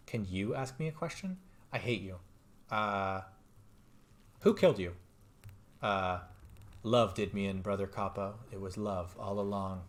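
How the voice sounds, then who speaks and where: A man streaming a game, reading its dialogue and text aloud and commenting between lines, jumping up in pitch when something excites him. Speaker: let's play streamer. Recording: faint game music behind.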